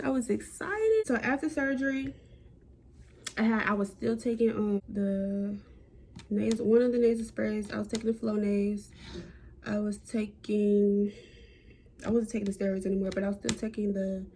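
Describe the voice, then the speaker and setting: A young woman telling a personal story to camera in a chatty, animated way. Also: husky. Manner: animated, chatty, acts out quotes with big jumps in pitch. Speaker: vlogger.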